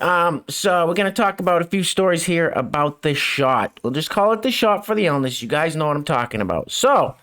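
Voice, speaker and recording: A man's voice: on the high side, animated, a little fast, few pauses, a bit bright, smooth. A middle-aged man hosting a mocking news commentary show, with sarcastic, chuckling asides. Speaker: show host.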